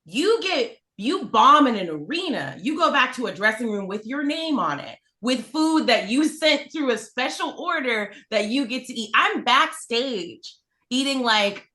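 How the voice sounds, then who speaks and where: A woman's voice: a little high, very animated, measured pace, bright, forceful tone. A woman comedian as a podcast guest, playfully arguing her side of a debate and laughing through her points.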